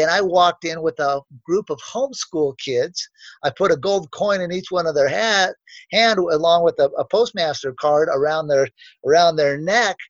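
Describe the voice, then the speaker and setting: A man's voice: fairly high pitch, no echo. Self-assured, rambling man, lo-fi sound. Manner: rambling, self-assured, many restarts and asides. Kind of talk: casual storytelling in a conversation. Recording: dull, dry, lo-fi sound.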